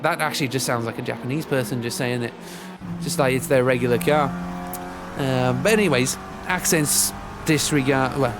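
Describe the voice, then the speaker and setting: Chatty man calling a sim race, music behind. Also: fairly high pitch. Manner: chatty, rambling asides between race calls. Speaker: race commentator. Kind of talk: live sim racing commentary. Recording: game engine sounds and music behind. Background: racing car engine noise and music.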